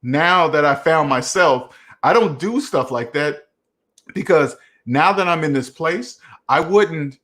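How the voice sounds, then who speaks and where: Chatty man telling stories, higher voice. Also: a bit bright. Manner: rambling, repeats "right?" often; chuckles while telling stories. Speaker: host. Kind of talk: casual live Q&A storytelling.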